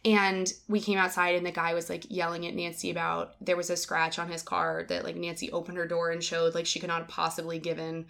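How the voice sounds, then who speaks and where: A woman co-hosting a relaxed podcast conversation. She tells her stories in a lively, rambling way, full of "like" and acted-out quotes. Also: on the low side, brisk, creaky, few pauses. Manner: animated storyteller, lots of "like". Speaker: podcast co-host. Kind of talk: casual chat, storytelling.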